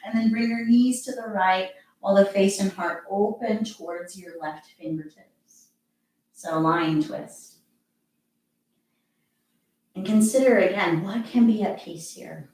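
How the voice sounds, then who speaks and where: A woman yoga teacher guiding a relaxation with soft, calm, encouraging cues. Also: medium pitch, unhurried. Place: practicing at home. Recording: very echoey room, distant mic, music behind.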